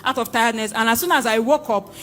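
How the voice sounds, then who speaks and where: A young Nigerian woman giving an excited church testimony, exclaiming and repeating phrases. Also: on the high side, fast. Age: young adult.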